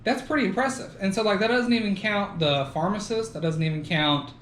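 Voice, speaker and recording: In an echoey space with a little faint noise, a man hosts a podcast in a relaxed, chatty way. His voice sits high, a bit bright and fairly quick, and he laughs a lot and swears now and then.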